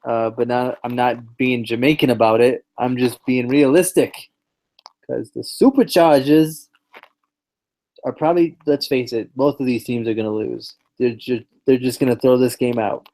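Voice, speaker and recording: Podcast co-host, male, mid pitch, dry deadpan delivery, hesitant. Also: rough recording. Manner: deadpan, halting with restarts. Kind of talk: casual chat, football picks.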